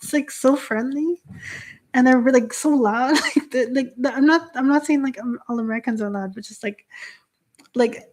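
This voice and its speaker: A woman's voice: high voice, normal speed, darkish tone, slight background noise. A young woman from Canada, a Shinto priestess hosting a live stream, chatting casually with frequent laughter and many fillers as she reads out viewer comments.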